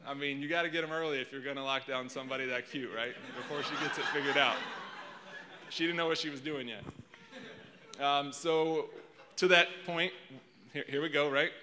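A man's voice: a little high, steady tone, moderate pace, noisy background. A man, preaching as a guest speaker into a handheld mic, tearful and self-deprecating, rambling as he speaks. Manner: emotional, rambling, self-deprecating, warm to crowd. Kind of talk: sermon opening. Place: church sanctuary before a congregation. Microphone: handheld microphone. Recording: reverberant church hall.

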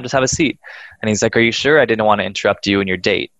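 A man casually telling a ghost story on a podcast, animated, swearing freely and acting out the voices of the people in it. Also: lowish voice, fast talker, no room sound, highs cut off.

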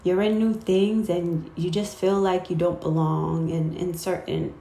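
A faith vlogger with a fairly low, creaky, flat-toned voice speaks at a measured pace in an echoey room. She gives her viewers a casual spiritual talk, warm-hearted and rambling, often cutting herself off with fillers.

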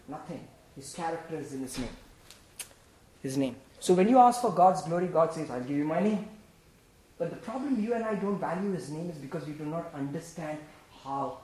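A man preaching a sermon, swinging between loud, emphatic bursts and quiet, low asides, often laughing as he speaks. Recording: very echoey church hall.

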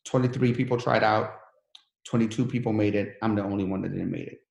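A man's voice: on the low side, fairly even intonation, brisk, vocal fry, a little mellow, echoey room. A man who came to the country as a refugee, telling his life story in an interview in an earnest, motivational way. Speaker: guest.

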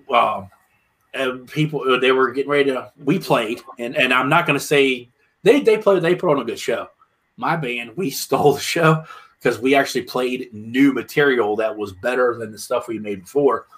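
A man's voice: medium pitch, moderate pace, a bit bright. A man from Pennsylvania, a musician telling road stories in a casual, rambling way with many restarts. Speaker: musician guest. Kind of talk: casual storytelling.

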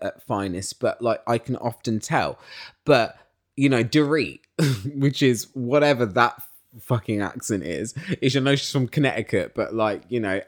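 A British host chatting casually through a reality TV recap, ranting and gossiping with frequent swearing and laughter. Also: mid-range voice. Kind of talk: casual solo recap chat.

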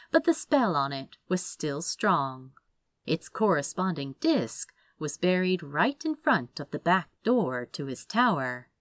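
A woman narrating a fantasy audiobook in a measured, expressive way. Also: deep voice, no room sound, clean studio sound.

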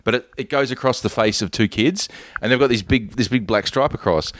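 A man co-hosting a casual film-review chat, retelling scenes with lively storytelling and acting out the characters' lines. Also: mid-range voice, brisk, dry recording. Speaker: podcast co-host.

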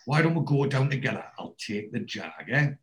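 Bloke chatting, retelling a tv episode, swears a lot, acts out the lines, mid pitched. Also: male voice, a little fast, low-quality recording. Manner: animated storyteller, swears freely, acts out quoted lines. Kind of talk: casual chat retelling a TV episode.

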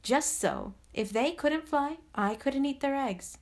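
A woman playing a calm, ancient grandmother. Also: sits high, slow, voice pushed up, exaggerated voice. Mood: knowing. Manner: calm, knowing, softly amused. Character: mysterious very old gentle grandmother. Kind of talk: storybook reading.

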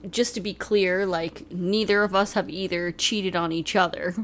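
A woman with a somewhat low voice chats with her partner on a relaxed home podcast. She pokes at him playfully and breaks into laughter often. A faint background hiss runs under the recording. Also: normal speed. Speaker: podcast co-host. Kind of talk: casual couple chat.

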